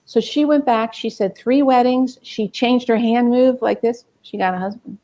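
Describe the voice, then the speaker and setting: A middle-aged woman, a music scholar being interviewed, telling lively stories and acting out the people she quotes. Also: a little high, normal speed. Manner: animated, acts out quoted people.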